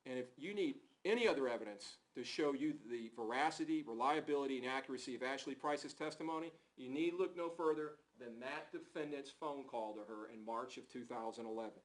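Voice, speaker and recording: Man, prosecutor, courtroom closing argument, emphatic, rhetorical questions, steady mid-pitched voice. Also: a little fast, hardly any pauses, low-quality recording.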